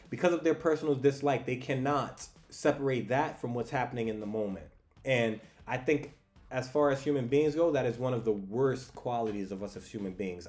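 A man reviewing a comic book in a casual, enthusiastic and animated way. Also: medium pitch. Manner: animated and enthusiastic, with frequent restarts. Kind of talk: casual commentary.

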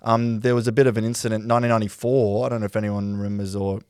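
A man's voice: lowish voice, flat delivery, racing, darkish tone, smooth, no echo, clean studio sound. A man hosting a casual podcast chat, telling local history with swearing and laughter. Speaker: podcast host.

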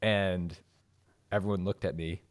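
A man's voice: sits low, fairly even intonation, a little slow. A young man co-hosting a podcast, telling anecdotes casually, swearing freely and laughing at himself. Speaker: podcast co-host.

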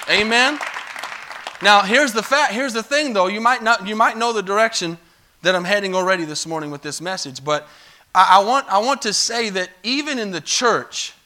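A man's voice: high voice, pushed and bright, a little hiss or hum. A man preaching a sermon in a church, telling a story in a loose, conversational way and calling for amens. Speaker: pastor. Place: church sanctuary.

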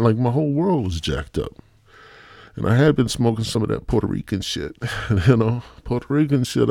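A man's voice: lowish voice, creaky, mellow, no echo, clean studio sound. A man from the American Midwest hosting a podcast and telling a rambling, profane comic story. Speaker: podcast host.

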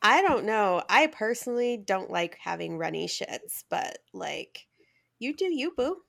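A woman's voice: medium pitch, sing-song, measured pace, creaky, fairly bright tone. A woman hosting a podcast in a playful, joking manner, laughing often. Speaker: podcast host. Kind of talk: casual comedic chat.

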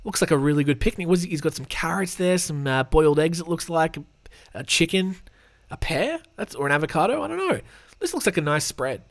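A man's voice: a little high, animated, brisk, vocal fry. An Australian man hosting a podcast, reading news stories aloud with sarcastic, rambling asides and casual swearing. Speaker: podcast host.

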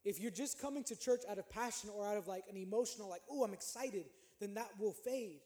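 A man's voice: high-pitched, quick pace, dark tone. A young male pastor preaching a sermon in a conversational way. He repeats phrases and builds up to emphatic preaching. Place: church sanctuary. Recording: echoey room with music behind.

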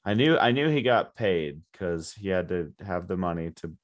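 A man's voice: sits low, lively intonation, normal speed. A man co-hosting a casual book podcast, musing aloud with hesitant restarts. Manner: musing, hesitant, full of fillers. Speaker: podcast co-host. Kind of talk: casual book-discussion chat.

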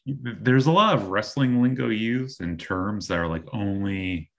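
A man's voice: lowish voice, expressive, unhurried, creaky. A man co-hosting a podcast, recalling his work as a wrestling writer in loose, filler-heavy talk. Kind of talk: casual podcast chat.

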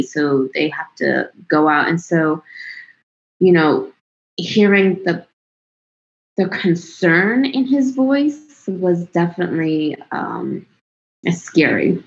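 A woman in her thirties with a somewhat low voice tells a personal story in a relaxed interview. She talks in a chatty way, laughs often and trails off before restarting. The recording is dull and lo-fi. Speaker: interview guest. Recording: dull lo-fi sound.

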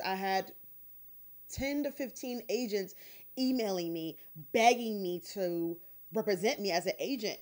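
Podcast guest: woman with a fairly high voice, blunt and animated. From Detroit, USA. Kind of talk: candid casual storytelling.

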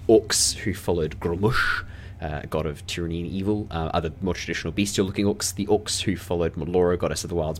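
A man narrating a tabletop game as game master, in a relaxed, rambling way with many fillers. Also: low voice, slight background noise.

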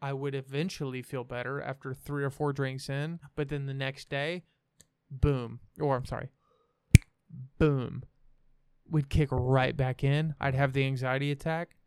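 Frank young man with a clear, dry voice. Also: medium pitch, little pitch movement, moderate pace, few pauses, no room sound. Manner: frank, swears freely, rambling. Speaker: podcast guest. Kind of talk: candid personal storytelling.

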